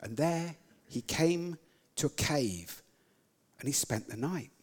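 A man preaching a sermon, retelling scripture dramatically, swinging between loud lines and whispers. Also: on the high side, lively intonation, takes it slowly, breathy edge, big-room sound. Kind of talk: sermon storytelling.

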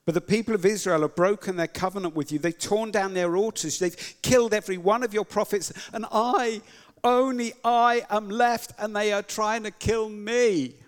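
A man's voice: sits high, lively intonation, moderate pace, creaky, voice pushed up. A man voicing a weary prophet pleading. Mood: aggrieved.

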